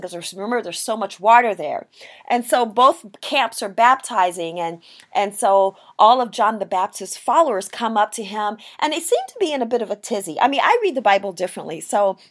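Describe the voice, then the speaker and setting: Woman, preacher, sermon, scripture reading, casual explaining, fillers and restarts, middle pitch, animated storytelling. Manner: reads scripture then talks casually with many fillers and restarts.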